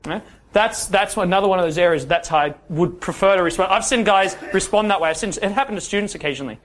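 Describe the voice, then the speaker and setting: Aussie guy running a dating class, kinda high voice, blunt, keeps asking the room stuff. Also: quick pace, a bit bright. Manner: direct, asks the room questions, ends points with "yeah?". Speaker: dating coach. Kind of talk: workshop talk to a class.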